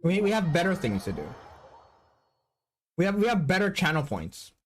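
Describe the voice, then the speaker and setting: A man's voice: high-pitched, big pitch swings, normal speed, slight background noise. A man streaming a game, rambling casually, swearing and stammering, with a headache. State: has a headache. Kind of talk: casual live-stream commentary.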